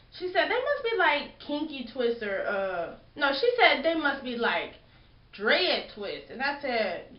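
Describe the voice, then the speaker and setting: A young woman with a fairly high voice talks through her hair routine and tells stories in a chatty, animated way. The recording is lo-fi and dull, with the roomy sound of a home room. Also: unhurried. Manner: chatty storytelling, acts out quotes. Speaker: hair vlogger. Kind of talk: casual chat.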